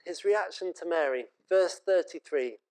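A man's voice: on the high side, normal speed, darkish tone, poor audio. A British man preaching a sermon in an earnest, conversational and emotive way.

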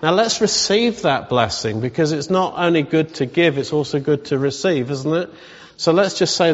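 A man leading a congregation through a blessing and prayer, gentle and reassuring, slowing down for the prayers. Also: a little high, lively intonation. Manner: gentle, reassuring, slows down for read-aloud prayers. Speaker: preacher. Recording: long hall reverb, dull sound.

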